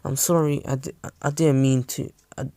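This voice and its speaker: A man's voice: medium pitch, flat delivery, fairly quick, mellow, no echo, lightly acted. A man voicing a frightened little boy ninja who stammers and pleads. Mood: scared pleading.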